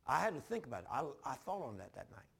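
An older man preaching a sermon, telling his own story in a folksy, repetitive way with sudden loud bursts. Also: mid-range voice, very animated, fast talker, creaky, slightly rough. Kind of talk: sermon with personal testimony.

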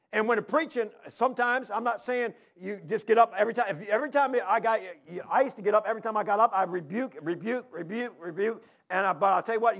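A man preaching a folksy, storytelling sermon, repeating his phrases. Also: high voice. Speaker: pastor.

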